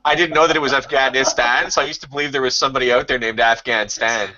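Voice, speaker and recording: A man's voice: mid-range voice, steady tone, quick pace, bright, forceful tone. A man in casual chat, telling profane, laughing stories about his childhood. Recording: dull lo-fi sound.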